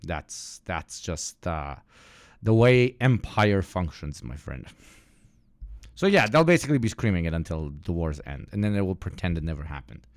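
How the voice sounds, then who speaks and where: A man with a lowish voice talks through the news on a live stream, sardonic and joking, often swearing. The sound is close and dry, with no room around it. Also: very animated, moderate pace, no echo. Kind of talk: casual live-stream commentary.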